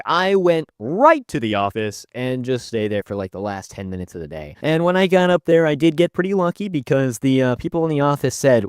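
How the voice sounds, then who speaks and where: A man's voice: mid-range voice, expressive, normal speed, dry recording, clean studio sound. A young man narrating a school story in a casual, joking, conversational way. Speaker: storytime YouTuber.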